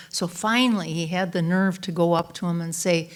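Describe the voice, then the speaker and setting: A woman minister giving a conversational Sunday talk, telling a story in a relaxed way with fillers and restarts. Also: fairly low pitch, normal speed, hardly any pauses. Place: church sanctuary.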